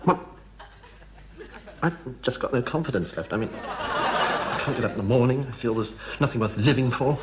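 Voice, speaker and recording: A man's voice: mid-range voice, normal speed, pauses often, heavy background noise. A man playing a despondent announcer, talking in a mournful, confessional way.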